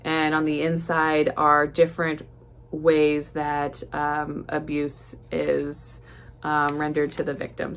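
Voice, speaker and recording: A woman counselor hosting a podcast, explaining things in a calm, conversational way with frequent "um" and "you know.". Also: sits low, slight background noise. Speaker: licensed counselor and podcast host. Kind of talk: informal educational podcast talk.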